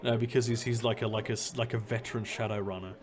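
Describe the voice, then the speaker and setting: A man's voice: on the low side, flat delivery, fast, crowd noise. A man running a tabletop game as game master, chatty and prone to laughing restarts.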